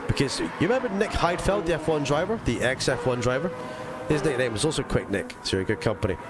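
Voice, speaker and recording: A man's voice: mid-range voice, expressive, fast talker, very noisy. A man with a mixed English and Scottish accent streaming a racing game live, chatting casually to his viewers with lots of fillers. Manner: chatty, rambling, talks to chat with fillers. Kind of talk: live gaming stream chat.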